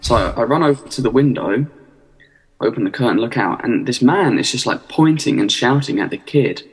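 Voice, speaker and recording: A man's voice: mid-range voice, lively intonation, fairly quick, husky, in a large hall, poor audio. A man, a podcast guest, telling a story in casual chat, hesitant and rambling with lots of fillers.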